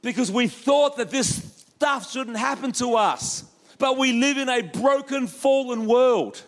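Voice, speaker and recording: A man preaching a lively sermon as pastor, acting out quoted voices with jokey asides. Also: extremely high pitch, a little slow. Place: church hall.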